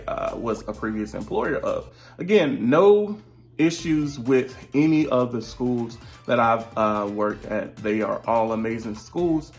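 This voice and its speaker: A man in his thirties gives a casual seated update from his home, his voice sitting at an ordinary middle pitch. He rambles a little and chuckles now and then mid-sentence, the easygoing tone of someone talking to friends. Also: gravelly. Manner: chatty, drifts off topic, laughs often mid-sentence. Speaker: vlogger and virtual teacher.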